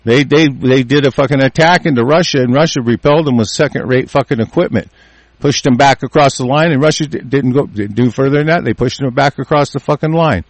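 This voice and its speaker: A man in a furious, profane rant, repeating himself and shouting through restarts. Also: mid-range voice, brisk. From United States. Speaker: ranting commentator.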